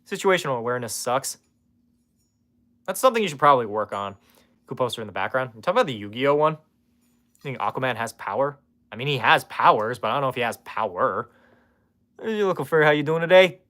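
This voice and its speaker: A man's voice: medium pitch, a bit bright. A man streaming from his room in casual chat, sarcastically roasting viewers and swearing freely.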